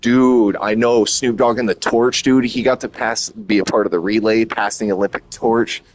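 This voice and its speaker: Man, very low voice, casual streamer chat, profane, rambling, excitable. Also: normal speed.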